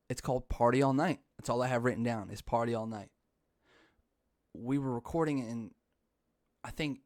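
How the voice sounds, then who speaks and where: A man's voice: mid-range voice, no echo, clean studio sound. A young man hosting a podcast in casual chat, rambling, often laughing and swearing offhandedly. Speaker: podcast host.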